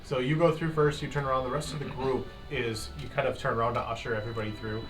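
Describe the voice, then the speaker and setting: A man runs a tabletop session, joking his way through the rules at an ordinary pitch. The mic sits some way off, and clear music plays behind his voice. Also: steady tone, fast talker, distant mic. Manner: laid-back, joking, laughs often. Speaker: game master. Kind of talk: running a tabletop game, casual chat.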